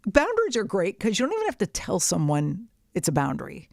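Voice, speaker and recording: A woman's voice: fairly low pitch, very animated, normal speed, gravelly, no room sound, clean studio sound. A woman hosting a podcast, giving advice in casual chat with brash, profane wisecracks. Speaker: podcast host.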